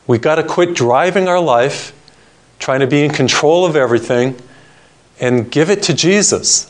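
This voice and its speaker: A man preaching a sermon, reading scripture and telling a joke, slowing down to stress his points. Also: medium pitch. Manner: storytelling, varied pace, emphatic slowing on key points.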